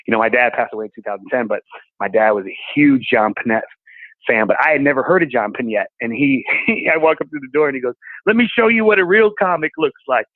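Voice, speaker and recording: Male comic guest, lively storyteller, dry phone-quality audio. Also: medium pitch, fast talker, no echo. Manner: animated, acts out voices in anecdotes. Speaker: comedian guest. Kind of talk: storytelling conversation. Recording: tinny phone-like call audio.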